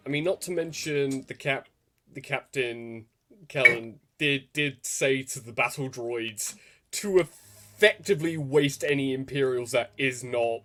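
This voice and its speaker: A man of middle pitch chats as a player at a tabletop role-play game. He is animated and laughs often. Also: a little slow, slight background noise. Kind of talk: casual chat at a tabletop game.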